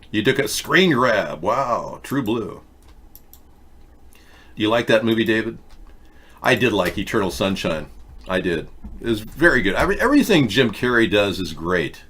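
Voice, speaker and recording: A man in his sixties hosting a casual live stream, rambling and joking in a deadpan way. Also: fairly low pitch, measured pace, long pauses, breathy edge. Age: 60s. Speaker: host.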